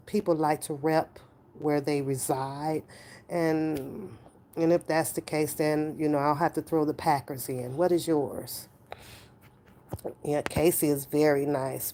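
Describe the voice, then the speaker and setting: A woman with a low, mellow voice hosts a casual live stream. She chats playfully with her viewers and drifts into loose asides as she answers their questions. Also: fairly even intonation, slow pace, slight background noise.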